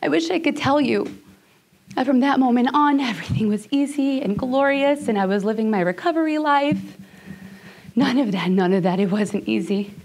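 A woman's voice: high voice, expressive, normal speed, darkish tone. A woman giving a personal storytelling talk, emotional, sometimes dropping to a near whisper. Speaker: speaker.

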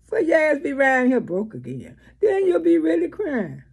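A woman's voice: high voice, huge pitch swings, moderate pace, creaky, a little mellow. A woman giving blunt, profane, scolding commentary in a vlog. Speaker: vlogger.

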